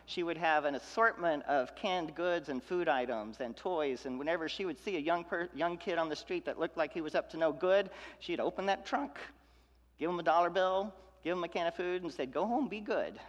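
A male pastor delivers a sermon in a fairly high voice, repeating phrases to build intensity and then falling to near-whispered tenderness. His words ring out with the long reverb of a church hall. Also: a little fast, muffled recording. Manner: preaching with rhythmic repetition and swings from loud to hushed.

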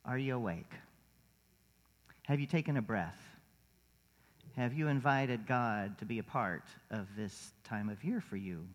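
A man's voice: fairly high pitch, a bit bright. A male pastor giving a conversational sermon in a church sanctuary, asking the congregation questions. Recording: reverberant sanctuary.

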